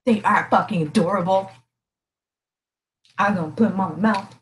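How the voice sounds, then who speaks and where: A woman's voice: mid-range voice, moderate pace. A woman hosting a casual mail-opening chat with friends, joking crudely and laughing often. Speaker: channel host.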